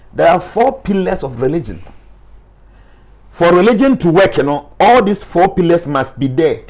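A man with a Ghanaian accent, speaking as a life coach in an animated interview and mixing English with Twi phrases. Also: fairly high pitch.

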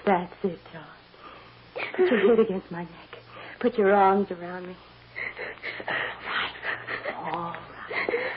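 A woman playing a devoted mother who softly soothes and coaxes her child, in 1940s radio acting on a dull old radio recording with hiss. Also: medium pitch, sing-song, slow, long pauses. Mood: soothing. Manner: soft, soothing, coaxing.

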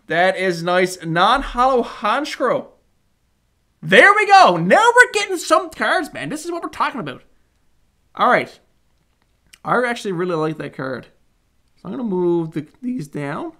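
A Canadian vlogger giving casual commentary while opening trading card packs, reading off card names and growing more excited on good pulls. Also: medium pitch. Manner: lively running play-by-play, lists card names.

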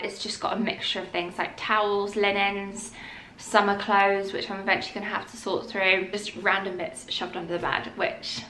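Young woman, chatty vlogger voice, bright and forceful, echoey room. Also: medium pitch. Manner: chatty, drops to a whisper at times. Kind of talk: casual haul vlog chat. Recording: echoey room with faint noise.

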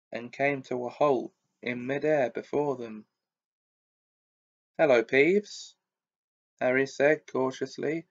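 Man reading a storybook super slow, muffled home mic. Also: mid-range voice. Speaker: audiobook reader. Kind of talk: storybook narration.

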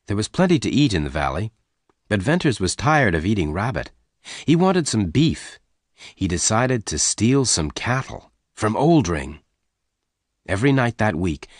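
Brief: male narrator, low voice, lively intonation, measured story reading. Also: no room sound, clean studio sound.

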